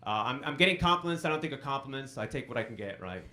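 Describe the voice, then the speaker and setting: A man in his forties performs stand-up at a comedy club into a handheld mic. His pitch swings widely as he tells stories, jumping up loud whenever he acts out a line. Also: very fast. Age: 40s. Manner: animated storytelling, acts out quotes in bursts.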